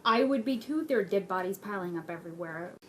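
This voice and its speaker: A woman's voice: mid-range voice, animated, fast, fairly bright tone, slight background noise, rough recording. A young woman casually recapping a TV episode, snarky and dramatic, swearing freely.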